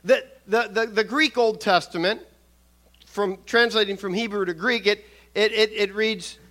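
Bright high-voiced older male preacher. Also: steady tone. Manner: measured, with repeated restarts and soft asides. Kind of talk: sermon.

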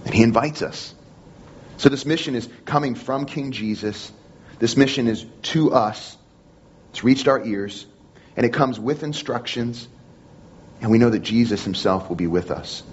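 A man's voice: mid-range voice, normal speed, muffled recording, slight background noise. A man preaching a sermon in an earnest manner, repeating phrases and restarting often. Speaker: pastor.

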